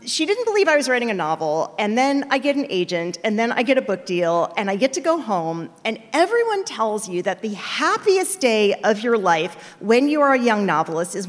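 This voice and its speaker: A middle-aged novelist telling stories in a chatty, self-deprecating way, full of fillers, as an interview guest. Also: female voice, a little high, sing-song, moderate pace, hardly any pauses, long reverb tail. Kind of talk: storytelling conversation.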